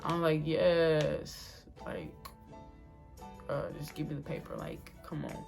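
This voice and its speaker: A young woman with a slightly low voice rambles through a personal story for her channel, packing her talk with "like" and "you know" and acting out what everyone said. A faint bed of music sits behind her speech. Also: takes it slowly, creaky. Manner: animated, full of fillers, quotes herself and others. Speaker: vlogger. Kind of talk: casual storytime. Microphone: phone or camera mic.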